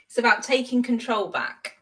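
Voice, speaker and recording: A woman's voice: on the high side, normal speed, a bit bright. A woman co-hosting a podcast who chimes in with short, supportive remarks and questions. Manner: brief supportive interjections. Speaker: podcast co-host. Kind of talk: casual chat.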